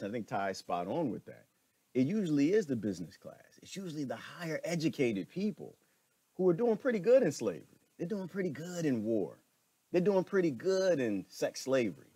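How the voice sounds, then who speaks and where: A man delivers a lively, preachy opinion monologue with a wry edge. His pitch rises and falls widely as he talks. The sound is dry and close, with no room around it. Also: no echo. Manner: preachy, wry, acts out voices. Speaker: commentator.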